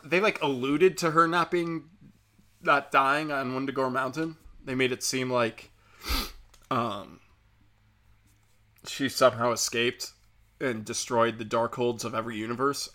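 A man's voice: medium pitch, pushed and bright. Sarcastic, profane man ranting about a movie. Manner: profane, sarcastic, mocking impressions. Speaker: movie reviewer. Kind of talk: casual rant.

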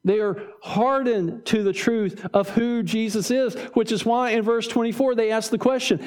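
A man with a high voice preaches a sermon. He talks in an animated way, acts out short exchanges of dialogue and stumbles over repeated words as his points build. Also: moderate pace, hardly any pauses, smooth. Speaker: pastor.

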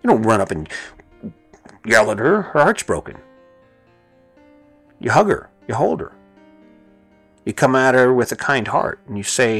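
A middle-aged man with a gravelly, fry-edged voice gives a motivational talk in an earnest, conversational way, often repeating a phrase for emphasis. The sound is dry and close, with faint music underneath. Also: medium pitch, animated, normal speed, pauses often, a bit bright, dry recording. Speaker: host.

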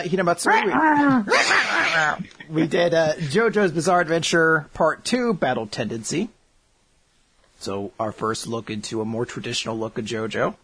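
A man's voice: fairly high pitch, noisy background. A man co-hosting a podcast, chatting casually and joking as he looks back on the series they covered. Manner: jokey, animated, laughs often. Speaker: podcast co-host.

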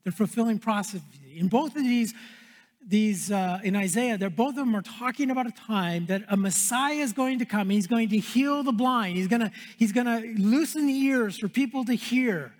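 A male pastor preaching a sermon in an earnest way, repeating phrases and dropping to a hush for emphasis. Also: very high voice, moderate pace. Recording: long hall reverb.

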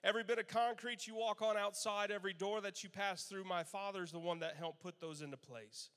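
A man in his thirties, a pastor telling Father's Day stories in a sermon, animated and laughing as he acts out quotes. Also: sits high, fairly quick. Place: church sanctuary. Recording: long church hall reverb.

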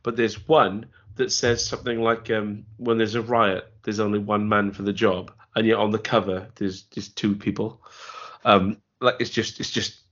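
A man co-hosts a casual film review podcast, rambling with many restarts and cracking dry jokes. His lowish, fairly bright voice has a flat delivery at a moderate pace, and the lo-fi audio sounds dull.

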